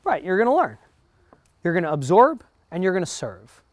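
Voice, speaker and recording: A man's voice: high-pitched, sing-song, moderate pace, no echo. A man with a New Jersey accent giving a motivational talk to realtors, chatty and often checking in with his audience. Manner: conversational, keeps checking in with the audience. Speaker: real estate broker teaching realtors. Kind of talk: motivational talk to a live group.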